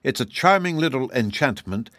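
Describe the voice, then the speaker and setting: A man voicing a gentle, unflustered shaggy wandering man with a kindly, solemn manner in an audiobook. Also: mid-range voice, animated, normal speed, no room sound, studio quality, voice pushed up, natural voice. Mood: reassuring. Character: calm, cheerful, whimsical shaggy wanderer man. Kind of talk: audiobook character voice.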